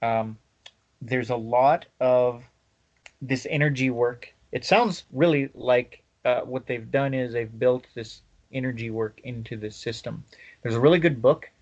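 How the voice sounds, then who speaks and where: A man hosting a podcast, chatting casually and rambling with many pauses and fillers. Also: mid-range voice, darkish tone, highs cut off. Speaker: podcast host. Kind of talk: casual chat.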